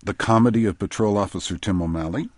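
Man, radio host, deep, husky, dry studio. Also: fast talker. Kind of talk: radio interview.

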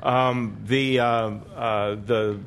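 A man on a quiz panel works his way to each answer with hesitant pauses and fillers. His voice sits mid-range. A clear layer of noise runs beneath him. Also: mid-range voice, steady tone, a bit bright. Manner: hesitant, groping for words. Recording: noisy recording.

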